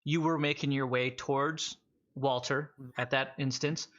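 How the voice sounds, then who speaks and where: Brief: unhurried male game master, mid pitch, on muffled lo-fi audio. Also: fairly bright tone. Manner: slow, drawn-out narration. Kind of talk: narrating a tabletop game. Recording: dull lo-fi audio.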